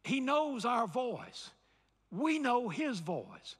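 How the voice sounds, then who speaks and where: Southern male pastor, high lively voice, emphatic sermon delivery, big echoing hall. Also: drawn-out words, husky. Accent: Southern American. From Alabama, USA. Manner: emphatic preaching, repeats key phrases, calls for audience response.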